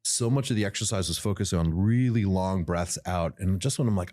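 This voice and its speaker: A man who is a podcast guest, telling stories in a casual interview, animated and often repeating words as he builds his point. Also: lowish voice, a little fast. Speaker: podcast guest, tea company founder.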